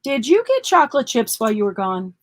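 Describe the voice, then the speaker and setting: Agreeable woman co-host, slightly high voice, dry close sound. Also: very animated, a little fast, dry recording, low-quality recording. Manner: agreeable, encouraging backchannels. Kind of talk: casual chat.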